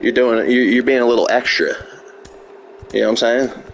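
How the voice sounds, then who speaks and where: A man's voice: medium pitch, steady tone, normal speed, vocal fry, slight background noise. A man live-streaming a video game, trash-talking a troll in chat with heavy profanity and sarcasm. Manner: profane, mocking trash talk.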